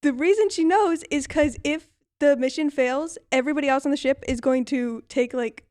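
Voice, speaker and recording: Young woman podcast co-host, high voice, lively retelling, frequent laughs. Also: normal speed. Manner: animated, laughs often, retells scenes with quoted voices. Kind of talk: casual chat.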